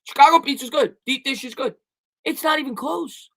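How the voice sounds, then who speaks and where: High, bright-voiced sports streamer. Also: male voice, normal speed, vocal fry. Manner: rambling, repeats himself, emphatic opinions. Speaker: sports YouTuber answering live chat questions. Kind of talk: casual live-stream Q&A.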